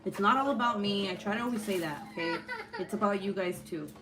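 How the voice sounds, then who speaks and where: A woman's voice: mid-range voice, fast talker, over music. A young woman and mother talking casually to her viewers at home, blunt and profane, laughing often and breaking off to deal with her kids. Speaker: vlogger and mother. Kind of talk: casual talking-to-camera vlog. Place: at home, with children nearby.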